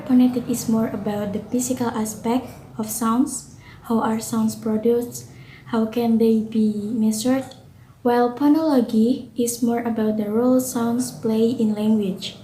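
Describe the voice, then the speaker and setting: Young woman, Indonesian accent, student presenter, earnest and a little halting, high mellow voice, echoey room. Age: young adult. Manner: earnest, with occasional slips and self-corrections. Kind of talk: reading a prepared class reflection. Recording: roomy, with faint noise.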